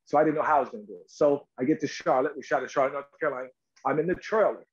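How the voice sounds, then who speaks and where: A middle-aged man with a high-pitched voice tells stories as a talk show guest. He is lively and emphatic and puts on voices for the people he quotes. The audio is a little dull and lo-fi. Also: very fast. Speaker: actor guest. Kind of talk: animated interview storytelling.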